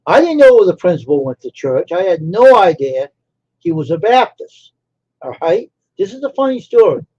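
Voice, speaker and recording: A man's voice: sits high, big pitch swings, normal speed, mellow. A man hosting a live stream, telling a personal story in a casual, rambling way and repeating phrases for emphasis. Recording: dull lo-fi stream audio.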